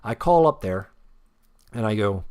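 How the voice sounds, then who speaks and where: Low-voiced guy rambling through a story, swears a lot, puts himself down. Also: lively intonation, a little slow, a little mellow. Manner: rambling, heavy swearing, self-deprecating. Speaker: custom action figure painter. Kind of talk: casual storytelling while showing his work.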